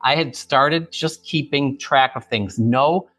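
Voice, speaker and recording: A man's voice: mid-range voice, slow, a bit bright, no room sound, faint music behind. 50s guy from chicago area, author guest on a pod, retelling a heavy memory, does the voices of what ppl said. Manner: vivid retelling that acts out remembered dialogue. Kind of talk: emotional personal storytelling.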